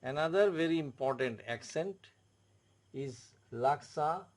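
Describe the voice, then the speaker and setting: Man, Indian English accent, French tutor, slow deliberate teaching, fairly high voice, repeats and spells letters. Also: animated, a little mellow. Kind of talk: classroom explanation.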